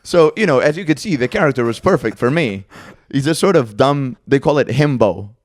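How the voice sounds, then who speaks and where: Young dude podcasting, mid voice, dry close sound, jokey. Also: male voice, mid-range voice, animated, brisk, no room sound. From Europe. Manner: joking, teasing interjections. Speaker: podcast co-host. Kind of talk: casual chat.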